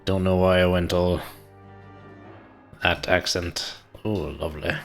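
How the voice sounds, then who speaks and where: A streamer with a very deep voice chats his way through a naval game, laughing often and muttering to himself. Faint music plays under his talk. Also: level tone, takes it slowly, creaky. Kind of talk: casual gameplay commentary.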